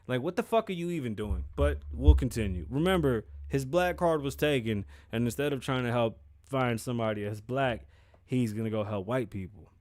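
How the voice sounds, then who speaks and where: A man with a mid-range voice hosts his own talk show in casual, profane commentary. He rambles, restarts and gets animated as he goes. The sound is close and dry. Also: mid-range voice, normal speed, dry recording. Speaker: podcast host.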